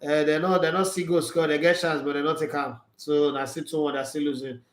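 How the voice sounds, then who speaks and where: A sports channel host with a Nigerian Pidgin accent keeps a loose live football chat going, laughing often and moving between Pidgin and English. He talks briskly in a fairly high voice with little pitch movement, and the sound is reverberant.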